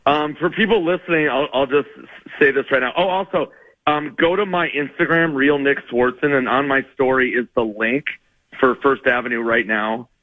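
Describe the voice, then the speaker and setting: A man telling a funny story as a comedian guest on a radio show, rambling, self-mocking, with quick laughs. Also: medium pitch, no room sound, narrow, tinny audio.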